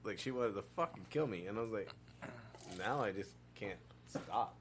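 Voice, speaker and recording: A man's voice: lowish voice, animated, moderate pace, a little hiss or hum. Profane, storytelling man on a podcast. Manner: loose, profane storyteller who quotes others. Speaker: podcast host. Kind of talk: casual podcast chat.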